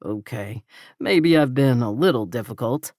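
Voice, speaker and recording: A woman's voice: extremely low pitch, lively intonation, unhurried, a little mellow, no room sound, clean studio sound, voice pushed down. A woman voicing a guarded, protective grown rancher man who answers in short, blunt lines. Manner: terse, clipped replies.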